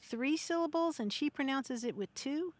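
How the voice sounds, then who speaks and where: Higher-voiced woman co-hosting a radio show. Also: lively intonation, normal speed. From Kentucky. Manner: friendly, asks callers questions, explains. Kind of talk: radio talk show conversation.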